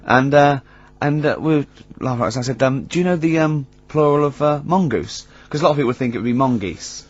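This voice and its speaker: A man's voice: medium pitch, fast, lo-fi sound. A man hosting a radio show, telling rambling anecdotes full of ums and restarts. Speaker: radio host. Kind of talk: casual radio banter.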